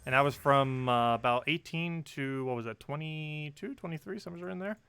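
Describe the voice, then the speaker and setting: A man's voice: on the high side, a little fast, gravelly, pushed and bright, clean tone, no echo. A young man chatting casually on a game live stream, reading chat and laughing often.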